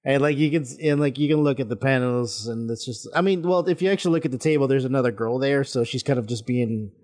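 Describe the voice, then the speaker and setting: Laid-back man, halting casual talk. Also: mid-range voice, darkish tone. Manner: hesitant, many restarts and fillers, laid-back. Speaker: podcast co-host. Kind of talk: casual chat about a manga chapter.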